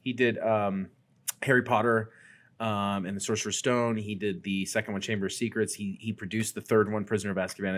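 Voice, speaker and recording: A man hosting a casual podcast, talking enthusiastically and rambling about films. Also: fairly low pitch. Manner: enthusiastic, rambling film talk. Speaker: podcast host. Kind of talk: casual chat. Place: Las Vegas.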